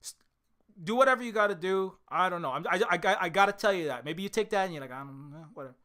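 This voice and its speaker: An expressive, fast-talking indie game developer rants during a livestream, dropping frequent swear words. He shifts from loud shouts to low mutters, and his voice sounds strained.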